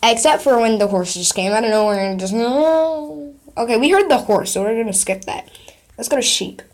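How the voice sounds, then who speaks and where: A woman's voice: mid-range voice, fairly quick, background noise. A woman vlogger in casual chat, playing sound effects from an app and reacting with giggly, playful commentary.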